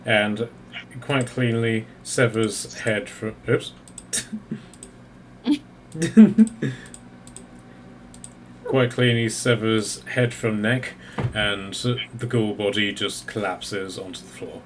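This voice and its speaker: A man narrating a tabletop game as game master, often pausing mid-sentence to find his words. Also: fairly low pitch, fairly even intonation, a little hiss or hum.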